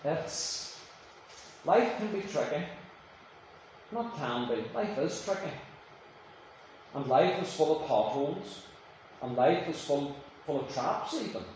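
A man's voice: a little high, expressive, slow, long pauses, a little mellow. A preacher delivers a sermon from some way off the mic, his voice ringing around a very reverberant church. He moves from casual storytelling into emphatic, rising declarations, with a faint room hum underneath. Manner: conversational storytelling with emphatic rises. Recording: echoey room, voice from a distance.

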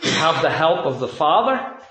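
A man's voice: on the high side, big pitch swings, normal speed, a bit bright, roomy sound, slight background noise, low-quality recording. A man preaching a sermon in a conversational way, telling personal anecdotes.

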